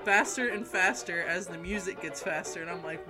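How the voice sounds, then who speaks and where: A woman's voice: on the low side, moderate pace, over music. A woman co-hosting a casual film podcast. She is enthusiastic and giggly, and she acts out the scenes she talks about. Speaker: podcast co-host. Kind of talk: casual film review chat.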